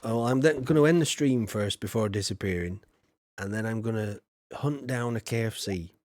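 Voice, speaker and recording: A man's voice: lowish voice, moderate pace, darkish tone, no echo. Chatty man streaming games. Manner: chatty, rambling, laughs often. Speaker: game streamer. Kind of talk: casual live-stream chat.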